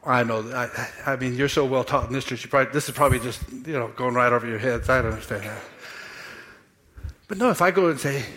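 A man preaching a sermon in church, animated and playful, acting out quotes and making asides to the congregation. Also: medium pitch, quick pace. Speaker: pastor. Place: church sanctuary.

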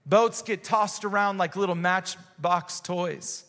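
High-voiced preacher in a reverberant hall. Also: male voice, takes it slowly. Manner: animated storytelling with dramatic voiced exclamations. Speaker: pastor. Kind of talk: sermon.

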